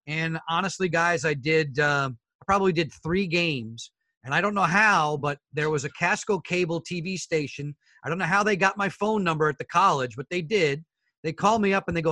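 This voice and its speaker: A middle-aged man with a bright, somewhat high voice tells stories from his broadcasting career, recorded close and dry. He speaks with animation and puts on the voices of the people in his anecdotes. He calls his hosts "fellas.". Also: normal speed, dry recording. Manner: animated storyteller who acts out the other people in his stories. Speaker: guest, sports broadcaster. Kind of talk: casual interview storytelling.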